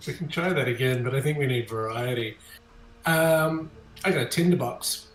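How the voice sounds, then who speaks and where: A man's voice: medium pitch, a little slow, slight background noise. A man playing in a tabletop game, laid-back and joking as he describes his character's actions. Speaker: player. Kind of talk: tabletop role-play. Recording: echoey room.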